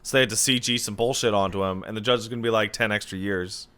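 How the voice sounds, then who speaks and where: A man co-hosting a podcast, chatting casually in an animated, joking way with plenty of swearing. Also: fairly low pitch, rapid-fire, smooth. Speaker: podcast co-host.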